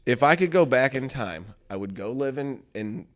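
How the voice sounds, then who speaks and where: A young man co-hosting a morning talk show, telling stories with animated quoted voices in casual chat. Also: normal speed. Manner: animated storyteller, acts out quotes in loud high voices.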